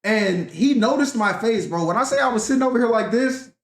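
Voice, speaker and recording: A young man vlogs a casual rant, telling a profane, rambling story animatedly and swearing often. His voice is very high-pitched and brisk, and the room is echoey.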